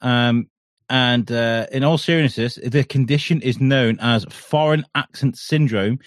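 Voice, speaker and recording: A man's voice: medium pitch, a little slow, dry recording, studio quality. An English man hosting a podcast, joking and swearing in casual banter. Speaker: podcast host.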